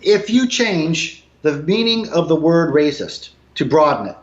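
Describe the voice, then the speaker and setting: Emphatic man, voice swinging high and low. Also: animated, a little slow. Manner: emphatic, swings between low mutters and raised outbursts, swears. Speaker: guest. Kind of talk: casual video call conversation. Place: his apartment. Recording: roomy, dull lo-fi sound.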